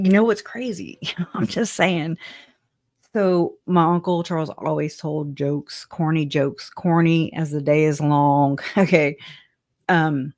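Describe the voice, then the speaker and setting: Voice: mid-range voice, darkish tone, no echo, clean studio sound. A guest telling their side of a personal story in a casual, rambling way, laughing often, trailing off with "anyways" and answering live chat comments.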